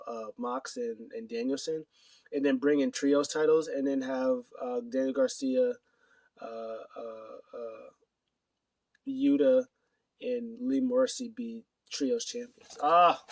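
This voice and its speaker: A man's voice: mid-range voice, mellow, no room sound, far from the mic. Rambling casual man, off-mic. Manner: rambling, lots of fillers, acts out quotes. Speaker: wrestling news vlogger. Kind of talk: casual solo recap to camera. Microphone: camera mic.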